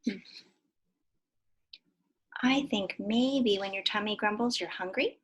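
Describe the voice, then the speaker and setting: A woman teacher reading a picture book aloud to young children in an animated way, stopping to ask them questions. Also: mid-range voice, slow.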